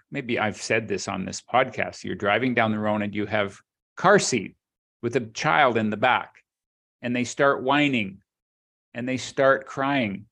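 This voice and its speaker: A man's voice: mid-range voice, a bit bright. Earnest middle-aged man sharing reflections. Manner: earnest, reflective, uses sayings and analogies. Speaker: podcast co-host. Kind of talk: casual podcast conversation.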